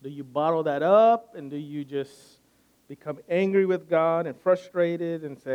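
A man's voice: a little high, measured pace, clear, resonant tone, muffled recording. A man preaching a sermon, earnest and building his points by repeating phrases. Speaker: pastor.

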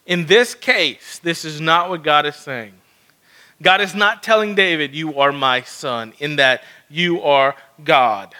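A pastor with a slightly high, sharp-toned voice preaches slowly, teaching a sermon and acting out God's words in quoted asides.

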